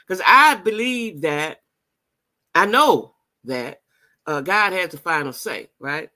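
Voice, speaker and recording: A woman's voice: low voice, sing-song, a little slow, bright, forceful tone. A middle-aged woman talking straight to viewers in a casual vlog. She is emphatic and repeats phrases for emphasis. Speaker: vlogger.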